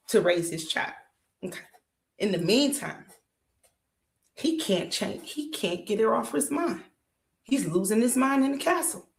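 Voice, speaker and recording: A woman hosts a podcast and retells a story in an animated, colloquial way, leaning on points and checking in with the listener. Her voice sits at an ordinary middle pitch. The room around her gives a clear, roomy echo. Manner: animated, emphatic, colloquial, asks listeners rhetorical questions. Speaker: podcast host. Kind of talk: casual storytelling commentary.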